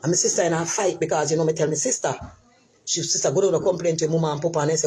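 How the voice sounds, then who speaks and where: A woman's voice: low-pitched, steady tone, racing, dark tone, slightly rough. A middle-aged woman with a Jamaican accent, telling her life story in casual patois and repeating phrases for emphasis.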